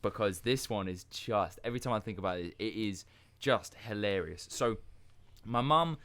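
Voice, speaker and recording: A man's voice: on the low side, moderate pace, fairly bright tone. A man co-hosting a podcast, telling a funny story with enthusiasm. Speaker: podcast co-host. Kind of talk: casual storytelling.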